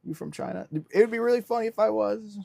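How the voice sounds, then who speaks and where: Deadpan young male streamer, high voice, dry close sound. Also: fast talker, creaky, dry recording. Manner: deadpan self-styled businessman persona. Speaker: livestream host. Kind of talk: casual livestream chat reading comments.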